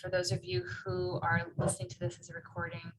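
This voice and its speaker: A woman facilitating an online workshop, speaking gently and encouragingly with frequent fillers, over a video call. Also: lowish voice, very animated, fairly quick, vocal fry. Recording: noisy video call audio.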